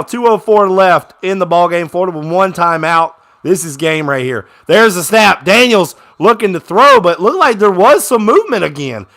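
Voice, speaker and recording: A young man giving casual live reaction commentary on a game as a fan, swinging from low grumbling to excited shouts on big plays.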